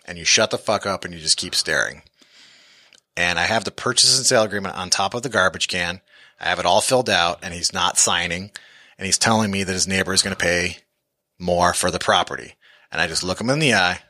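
A man's voice: low-pitched, fairly quick, pushed and bright, dry recording, studio quality. A man who invests in real estate tells a story from his own deals on a podcast, bluntly and full of profanity.

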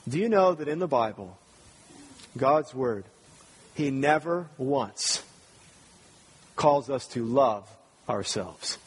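Husky-voiced man preaching in a reverberant hall. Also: medium pitch, expressive, slow, pauses often. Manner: earnest, uses rhetorical questions to the congregation. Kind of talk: sermon. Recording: long reverb of a large hall.

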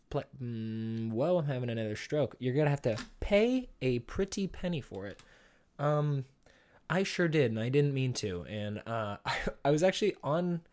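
A young man rambles through a funny story on his podcast. He swears freely, mocks himself, and breaks into laughs often. His voice sits at an ordinary middle pitch. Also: darkish tone. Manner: rambling, profane, self-deprecating, laughs often. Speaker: podcast host. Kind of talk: casual comic storytelling.

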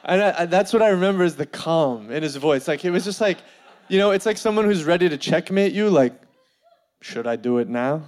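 A man telling a funny personal story in an animated way, full of fillers and laughing as he goes. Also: high-pitched, quick pace. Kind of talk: comedic storytelling.

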